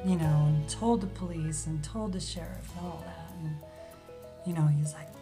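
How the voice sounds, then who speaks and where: A woman telling a personal life story as a radio guest, halting and full of "like" and "you know", dropping to a hushed voice at tender moments. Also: sits low, fairly even intonation, music in the background.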